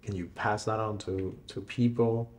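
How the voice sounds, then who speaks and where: Relaxed low-voiced male interviewer. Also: measured pace. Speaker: interviewer, filmmaker. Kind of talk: casual interview questions.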